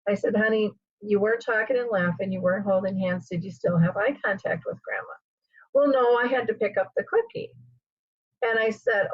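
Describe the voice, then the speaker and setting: Middle-aged lady host, husky voice, tells stories all animated, kinda dull lo-fi sound. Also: mid-range voice, dry recording. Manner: animated storyteller, acts out quoted voices. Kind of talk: casual interview chat.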